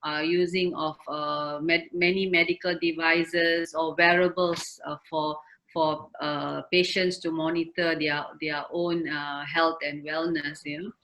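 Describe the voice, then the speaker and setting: A woman's voice: low voice, level tone, unhurried, fairly bright tone, low-quality recording. A middle-aged woman, a health ministry official, speaking earnestly on a webinar panel over a video call with many fillers and restarts. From Malaysia.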